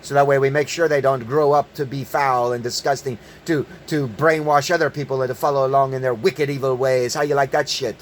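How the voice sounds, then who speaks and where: A man's voice: medium pitch, fairly even intonation, a little fast, hardly any pauses, slight background noise. A man delivering an angry, profane monologue, emphatic and prone to repeating words in bursts. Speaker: online commentator. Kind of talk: ranting monologue.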